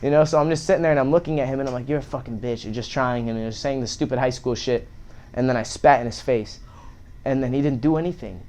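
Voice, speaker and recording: A man's voice: medium pitch, fast talker, dark tone. A young man, a podcast guest, telling a story in a casual, profane way with many fillers.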